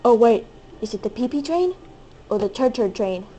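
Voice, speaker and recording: Hyper high-voiced woman gaming. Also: lively intonation, moderate pace, mellow, slightly rough, lo-fi sound. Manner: hyper, squealing and playful. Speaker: gaming video host. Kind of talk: excitable gameplay commentary.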